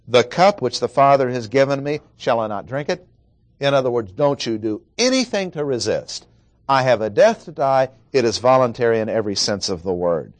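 With a medium-pitched voice, a man delivers a verse-by-verse expository sermon deliberately, stressing key words and repeating points for emphasis. The sound is dry and close, without room echo.

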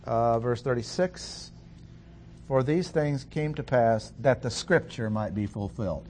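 A man giving a Bible study lecture, reading scripture in a measured, deliberate way with pauses. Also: medium pitch, a little mellow. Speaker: Bible teacher.

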